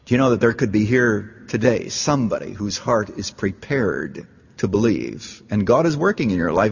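Man, pastor, sermon, lively pitch, dull recording, long hall reverb. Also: normal speed, creaky, slightly rough. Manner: storytelling, rising to fervent appeals. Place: large church. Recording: dull, echoey church hall.

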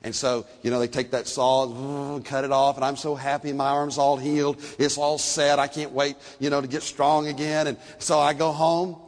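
Older preacher in a reverberant hall. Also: male voice, medium pitch. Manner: storytelling, swings from soft and slow to loud and animated. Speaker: pastor. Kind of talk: sermon.

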